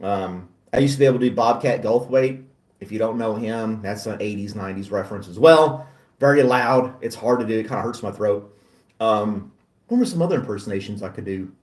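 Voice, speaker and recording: A man's voice: on the low side, fairly quick, a little mellow, roomy sound, distant mic. A middle-aged man hosting a casual chat, talking in a chatty, self-deprecating way and laughing often. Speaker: host.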